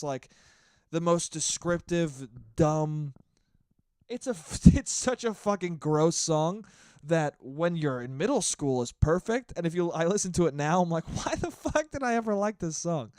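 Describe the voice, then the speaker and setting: A man's voice: on the high side, a little mellow, dry recording. Rambling, swearing young man. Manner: rambling, heavy swearing, laughing asides. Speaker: podcast host. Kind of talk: casual solo podcast. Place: his apartment, indoors.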